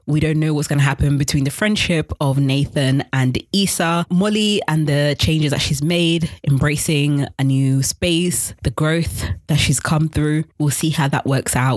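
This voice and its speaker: A vlogger recapping a TV episode in a casual, expressive way, often repeating lines for emphasis and laughing. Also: mid-range voice, dry recording, studio quality.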